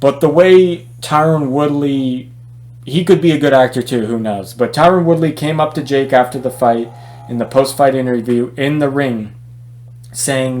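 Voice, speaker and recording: A man's voice: mid-range voice, moderate pace, darkish tone. Casual, opinionated male boxing vlogger. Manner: conversational, opinionated, many fillers and restarts.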